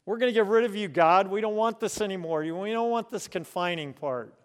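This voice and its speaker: A man voicing rebellious nations defiantly shouting that they want to be rid of God. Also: sits high, a little fast, clean tone, big-room sound, voice pushed up, lightly acted. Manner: defiant, indignant.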